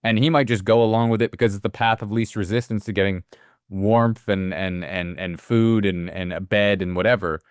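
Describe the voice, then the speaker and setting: A man co-hosting a film podcast, jumping in with animated asides and casual swearing. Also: lowish voice, normal speed, clean tone, no echo, clean studio sound. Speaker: podcast co-host.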